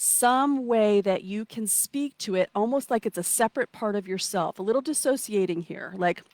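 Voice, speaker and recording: A woman with a medium-pitched voice talks at normal speed, barely pausing, and there's no room sound. She's coaching a live online session outdoors, warm and playful, encouraging her audience as she reads chat comments aloud and acts out inner voices.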